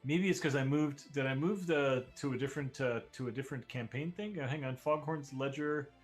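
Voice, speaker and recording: Faint music sits behind a man running a tabletop session, who describes each scene at an unhurried pace. His voice is mid-range.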